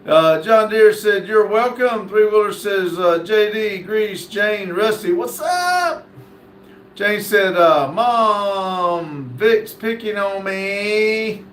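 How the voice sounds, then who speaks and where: A man hosts a livestream, reading viewers' chat messages aloud in a folksy, easygoing way. His voice sits high for a man. The sound is echoey, as if he is in a bare room. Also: animated, takes it slowly, a little hiss or hum. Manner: folksy, easygoing, many "uh" fillers. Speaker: livestream host. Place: indoor room.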